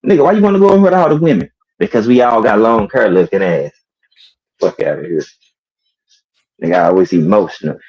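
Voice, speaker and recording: Animated man roasting, muffled call audio. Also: lowish voice, brisk, pauses often. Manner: animated, mocking storyteller. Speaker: podcast co-host. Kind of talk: casual roast chat. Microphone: video call with camera off.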